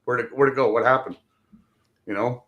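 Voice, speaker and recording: A man's voice: medium pitch, steady tone, brisk, a bit bright, lo-fi sound. A man ranting in casual, profane chat, swearing heavily. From Canada.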